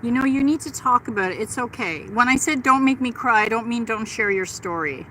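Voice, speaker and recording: Bright-voiced chatty woman livestreaming outdoors. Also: on the high side, expressive, a little fast, a little hiss or hum, rough recording. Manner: chatty and gushing, reads out and answers chat. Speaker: livestream host. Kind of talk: casual live chat with viewers. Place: outdoors in a park.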